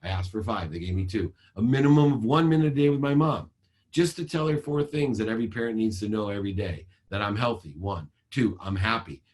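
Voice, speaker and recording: A man with a very low voice speaks over a video call, giving a motivational talk in a measured, emphatic way. He moves through his points one at a time, like items on a list. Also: lively intonation, a little mellow.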